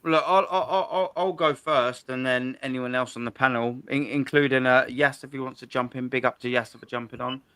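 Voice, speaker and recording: A man's voice: medium pitch, steady tone, brisk, hardly any pauses, fairly bright tone, clear, resonant tone, no room sound. A young man hosting a football call-in show, chatting casually in slang with lots of restarts. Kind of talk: casual chat.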